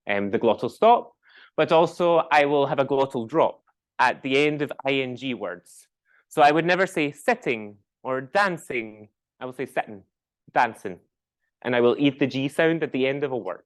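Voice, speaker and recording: A man's voice: medium pitch, animated, moderate pace. A man from the west coast of Scotland with a West Coast Scottish accent, giving a classroom lecture, often ending points with a questioning "right?" and saying example words aloud. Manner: explains with tag questions, demonstrates sounds aloud.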